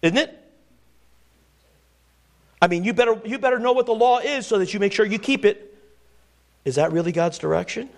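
A man's voice: sits high, moderate pace, long pauses. A middle-aged man preaching a sermon, quoting scripture and firing rhetorical questions at his congregation.

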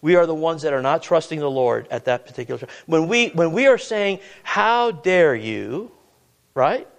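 A man's voice: fairly high pitch, expressive, a little fast. A man preaching a sermon, with many questions to the listeners and repeated words.

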